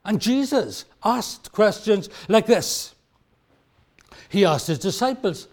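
A male preacher delivering a sermon with a high, very animated voice that swoops up and down. He acts out the questions he quotes and leans on key words by slowing down. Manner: expressive, acts out quoted questions, emphatic slowdowns.

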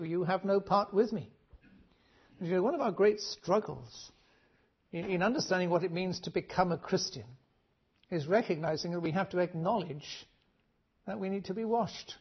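A preacher from Wales, giving an earnest, measured sermon with frequent restarts, on a dull lo-fi recording. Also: male voice, high-pitched, husky.

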